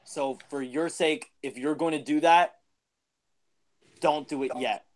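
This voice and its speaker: A man's voice: fairly high pitch, fairly even intonation, a little slow. Earnest man giving advice. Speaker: podcast co-host. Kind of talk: advice-giving casual chat.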